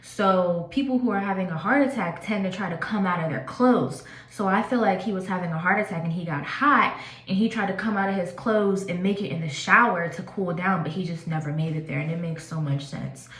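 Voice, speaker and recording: Chatty woman in her twenties, lower voice. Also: fairly quick, fairly bright tone. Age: 20s. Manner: casual, chatty, many fillers. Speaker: vlogger. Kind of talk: personal storytelling vlog. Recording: echoey room.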